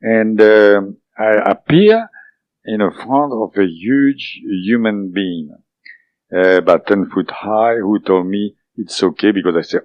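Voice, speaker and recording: A man whose first language is French, telling his story as an interview guest, halting and full of fillers and restarts. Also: deep voice, no room sound. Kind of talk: recounting a personal experience in an interview. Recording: dull lo-fi dry recording.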